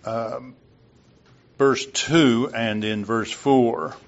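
A man preaching a sermon and retelling a story in a slow, deliberate way, on a dull lo-fi recording. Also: medium pitch.

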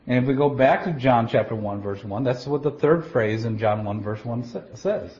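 A man preaching a Bible teaching, explaining scripture step by step in a deliberate way, often stopping to restart a word. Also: mid-range voice, a little mellow. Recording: dull lo-fi recording.

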